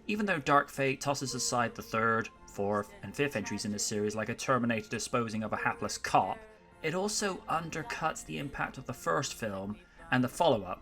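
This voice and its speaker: A man reads a scripted film review in a measured, wry tone, with a voice sitting mid-range in pitch. Faint music plays quietly beneath him.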